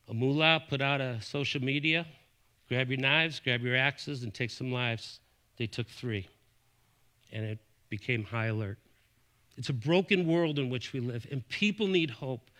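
A middle-aged man from Buffalo, New York, delivering a sermon as a pastor. His voice is fairly high and bright, with a forceful edge, and he swings between loud, emphatic peaks and low, quiet drops. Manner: animated preaching, rising and falling in pitch and volume.

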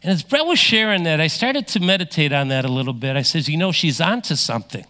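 A middle-aged man preaching a sermon as pastor, emphatic, swinging between loud stresses and hushed lines. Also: fairly high pitch, expressive, fast.

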